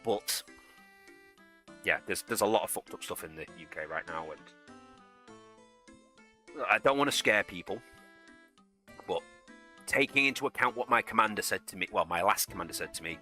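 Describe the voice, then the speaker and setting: Brief: male streamer, deep but piercing tone, blunt rambling talk, faint music underneath. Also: lively intonation, normal speed, long pauses, sharp tone. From United Kingdom. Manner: rambling, blunt, swears freely. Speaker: gaming streamer and soldier. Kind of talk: casual chat while gaming and reading chat.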